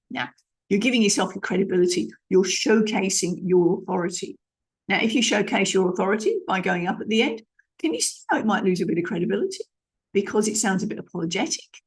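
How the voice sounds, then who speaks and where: A woman's voice: medium pitch, breathy edge. A middle-aged woman gives an emphatic lesson as a speaking coach, showing different tones of voice and often restarting her phrases. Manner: demonstrative, emphatic, with frequent restarts. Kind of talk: instructional talk on vocal tone.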